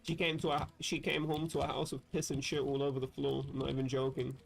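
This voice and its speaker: A man's voice: mid-range voice, completely flat delivery, fast talker, creaky, soft background music. A man from England, chatting casually and profanely on a livestream while reading chat aloud. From southern England. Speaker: livestream host.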